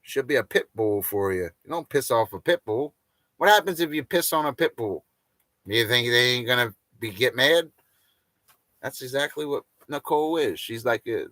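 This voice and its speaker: Brief: rambling livestream host, crude jokes, loose banter, dry close sound. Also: male voice, medium pitch, expressive, normal speed, a bit bright, no echo. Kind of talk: casual livestream rant.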